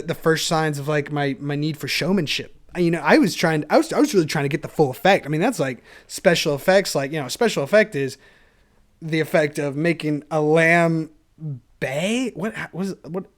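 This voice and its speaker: A young man hosting a solo podcast, talking in a chatty, self-mocking ramble and laughing often, recorded on a camera mic. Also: a little high. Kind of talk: rambling casual monologue.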